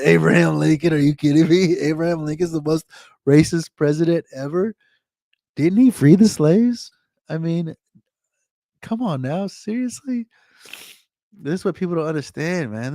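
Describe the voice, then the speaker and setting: A man's voice: mid-range voice, mellow, dry recording, studio quality. A man from the United States ranting casually on a live stream, reading chat and repeating himself, often adding "man" and "dude". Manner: rambling, repeats phrases, says man and dude.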